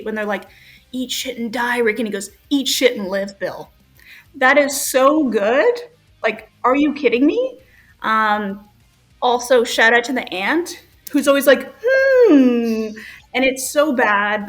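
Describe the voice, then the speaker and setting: A woman's voice: fairly high pitch, fairly bright tone. A woman on a podcast panel gushing over movie lines and quoting them. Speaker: panel guest. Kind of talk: casual panel chat.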